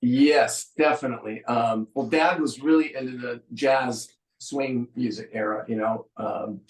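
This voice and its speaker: Relaxed man telling family stories. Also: medium pitch, unhurried, reverberant, poor audio. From San Francisco. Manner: relaxed storyteller, dry humor, frequent ums. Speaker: musician guest. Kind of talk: casual interview chat.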